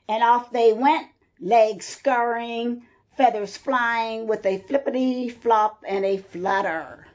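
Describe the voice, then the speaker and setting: Woman storyteller for kids, slow, expressive read-aloud, fairly high voice.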